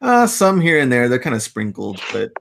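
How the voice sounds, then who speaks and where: A man's voice: mid-range voice, very animated, moderate pace, vocal fry. A man guesting on a podcast, giving brief, easygoing replies. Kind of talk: casual podcast chat.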